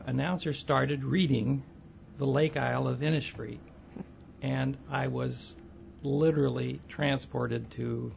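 Soft-spoken guy, super gravelly and raspy, flat monotone, slow halting talk. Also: mid-range voice, a little hiss or hum. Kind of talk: casual conversation and poetry reading. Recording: dull lo-fi recording.

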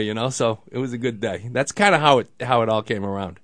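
Male guest, anecdote-heavy, chatty and loose, dry studio-close sound, middle-pitched. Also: fairly quick, fairly bright tone, no echo. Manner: rambling, fills talk with "you know", acts out quoted voices. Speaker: guest, local baseball organizer. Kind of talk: casual storytelling.

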